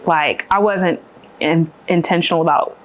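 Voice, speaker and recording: A woman's voice: on the low side, normal speed. A woman in her thirties, a podcast guest talking earnestly and reflectively with her sister, with many fillers and restarts. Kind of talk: casual chat.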